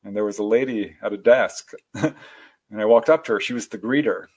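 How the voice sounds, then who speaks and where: Animated, laughing male storyteller. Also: lowish voice, a little fast, slightly rough. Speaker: guest. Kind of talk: casual interview conversation.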